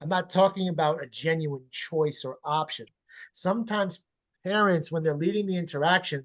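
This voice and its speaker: A man with a notably high voice coaching parents on a webinar call. He talks in an animated, emphatic way, blunt enough to swear casually as he makes his points. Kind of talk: webinar interview answers. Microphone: video call.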